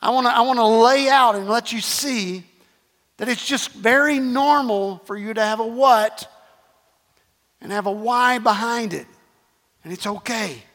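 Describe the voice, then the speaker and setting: A man's voice: very high voice, a little slow, fairly bright tone, long reverb tail. A man preaching a sermon, repeating phrases emphatically and calling the congregation to respond. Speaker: pastor.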